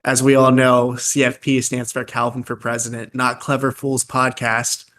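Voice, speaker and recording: Bright-voiced joking young man. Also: medium pitch, monotone, moderate pace, a little hiss or hum. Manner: joking, playful, crude banter. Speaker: podcast co-host. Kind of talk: casual chat.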